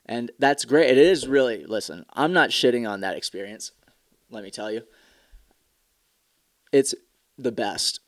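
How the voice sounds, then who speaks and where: A man's voice: medium pitch, lively intonation, unhurried, pauses often, no room sound. Profane, rambling man on a dry mic. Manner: candid, profane, rambling with mock commercial voices. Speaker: podcast host. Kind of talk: casual solo podcast talk.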